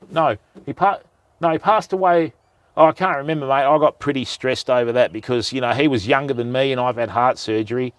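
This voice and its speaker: A man's voice: medium pitch, no room sound. An older man with an Australian accent, hosting a fishing livestream in casual, rambling chat with jokes and the odd swear, outdoors by a river. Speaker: fishing channel host.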